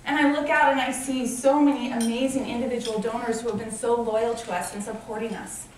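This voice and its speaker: A woman's voice: a little high, steady tone, a little fast, far from the mic, slight background noise. A woman in her thirties, a nonprofit founder, giving an enthusiastic, grateful fundraiser speech with personal stories, recorded in a large convention hall. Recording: echoey hall picked up from afar.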